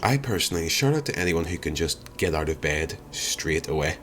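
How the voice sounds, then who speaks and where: Deep-voiced streamer. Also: male voice, animated, fairly quick, a bit bright, soft background music. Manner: rambling, wry and self-deprecating. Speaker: live streamer. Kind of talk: casual chat reading out viewer comments. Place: home streaming room.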